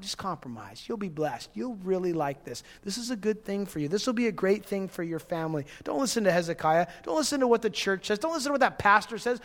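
A man voicing a boastful, threatening male enemy envoy who taunts loudly and then coaxes smoothly. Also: sits high, long reverb tail, full character voice.

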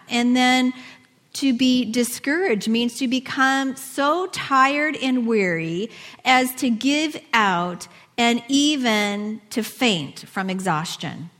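A woman's voice: a little high, fairly bright tone, long reverb tail. A woman giving a conversational sermon, reading scripture and asking her listeners questions. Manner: conversational, asks the audience questions, reads scripture aloud. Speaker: preacher.

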